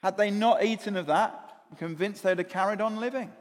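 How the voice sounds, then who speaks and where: A man preaching a sermon, animated, often repeating words and asking the congregation questions. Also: high voice, fairly quick, long reverb tail.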